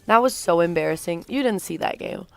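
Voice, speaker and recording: A woman's voice: lowish voice, expressive, brisk, gravelly, dry recording. A young woman livestreaming a game, rambling through a storytime with lots of fillers and casual swearing. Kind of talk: rambling storytime while gaming.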